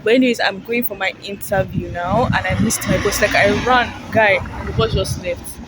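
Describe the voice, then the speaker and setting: A woman's voice: mid-range voice, fairly even intonation, normal speed. A young woman vlogging to her phone outdoors on a busy street, chatty and rambling and laughing often. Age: young adult. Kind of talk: casual vlog talk to camera. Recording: loud traffic noise outdoors.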